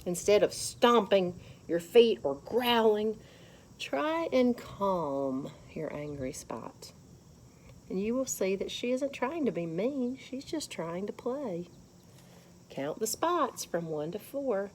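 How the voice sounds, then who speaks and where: A woman leading a children's lesson at church, gently guiding them through counting and calm breathing. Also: medium pitch, slow pace, a little hiss or hum.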